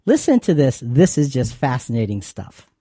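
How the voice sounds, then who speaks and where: A man's voice: mid-range voice, wildly swooping pitch, normal speed, dark tone, no echo, clean studio sound. A man co-hosting a faith talk show, chatty and given to repeating words as he explains. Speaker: co-host.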